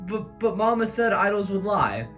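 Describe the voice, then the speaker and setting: Brief: a heartbroken teenage idol girl, hushed and tearful, read by a man in his everyday voice, with a lively delivery. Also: high-pitched, normal speed, faint music behind, pitched above the performer's own voice. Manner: soft, subdued reading of quoted lines.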